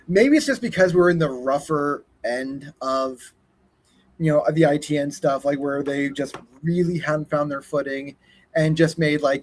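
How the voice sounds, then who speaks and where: A man co-hosting a casual horror movie review, talking in halting restarts with wry humor. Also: fairly high pitch. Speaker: podcast co-host.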